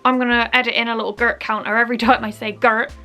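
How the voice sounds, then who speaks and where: A woman's voice: a little high, little pitch movement, very fast, bright, forceful tone, faint music behind. A young woman from Bristol with a Bristolian accent, chatting playfully in a comedic vlog. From Bristol, England. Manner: playful, chatty, acts out little scenes. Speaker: vlogger.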